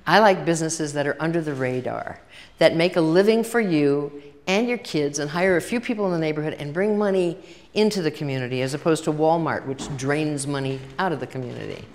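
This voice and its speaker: Low-pitched and brisk, an older workshop speaker addresses a live audience in a large hall with long reverb. She chats her way through stories, playing out each side of the conversations herself.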